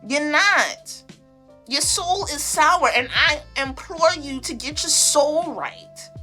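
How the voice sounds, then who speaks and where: A woman hosting a solo podcast, ranting emphatically and with profanity, swinging between loud outbursts and low asides. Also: slow pace, soft background music. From half Belizean family. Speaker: podcast host. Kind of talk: heated solo podcast rant.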